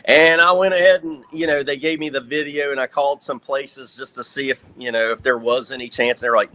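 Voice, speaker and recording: A man with a Southern US accent, telling an animated story in casual chat and swearing freely. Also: medium pitch, a little fast.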